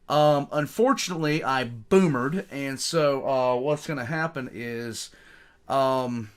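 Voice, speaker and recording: A man's voice: on the high side, a bit bright. A man hosting a reaction stream, chatting casually and mocking himself with lots of filler words. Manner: rambling, self-mocking, many ums. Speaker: reaction channel host. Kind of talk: casual chat. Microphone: streaming mic.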